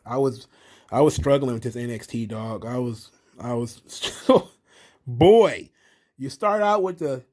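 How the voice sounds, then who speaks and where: A wrestling commentary host gives a casual, sarcastic recap of a wrestling show, swearing often and speaking bluntly. His voice is mid-range with a darkish tone.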